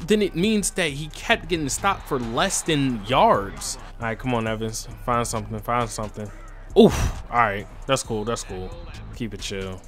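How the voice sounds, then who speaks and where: Bright-voiced man calling his own game. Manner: talks to himself, swings from low muttering to excited yelling. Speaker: gaming channel host. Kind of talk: casual gameplay commentary.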